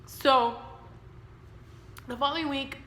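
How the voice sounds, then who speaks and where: A woman's voice: high voice, steady tone, slow, a bit bright, reverberant, slight background noise. A woman in her thirties telling her own story to camera, candid and emotional, rambling with fillers. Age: 30s. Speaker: vlogger.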